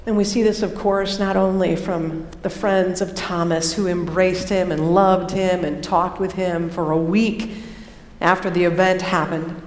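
A woman's voice: fairly low pitch, unhurried. Woman preaching in an echoing hall. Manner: animated, shifting from hushed to excited. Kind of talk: sermon. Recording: echoey hall reverb.

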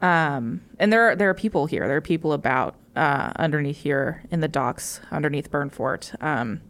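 A woman's voice: low-pitched, moderate pace. Rambling woman game master. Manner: rambling, many fillers. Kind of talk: narrating a tabletop game.

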